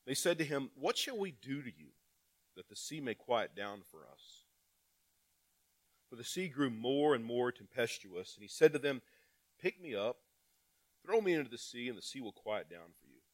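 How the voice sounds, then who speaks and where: A male pastor giving a sermon. He reads scripture aloud, asks the congregation rhetorical questions, and swings between loud emphatic calls and quiet asides. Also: medium pitch, very animated, normal speed, pauses often.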